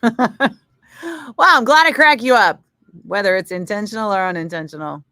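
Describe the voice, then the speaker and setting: A woman radio DJ chatting casually in her studio, answering viewer comments in an animated way with lots of fillers. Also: mid-range voice, moderate pace, no echo.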